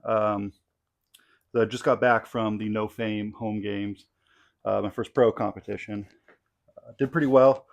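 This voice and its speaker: A man's voice: lowish voice, a little slow, gravelly, long pauses. Tired young man rambling through his workout. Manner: relaxed, rambling, many fillers. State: tired, out of breath between sets. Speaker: strength athlete vlogging his training. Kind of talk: casual training vlog. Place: home garage gym. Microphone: clip-on mic.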